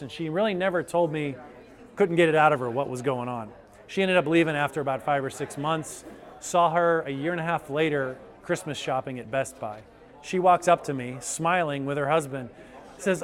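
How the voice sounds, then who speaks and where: A man's voice: medium pitch, normal speed. A male chiropractor giving an enthusiastic testimonial, telling patient stories and acting out their reactions. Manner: enthusiastic, animated storytelling with quoted patients. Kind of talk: testimonial interview.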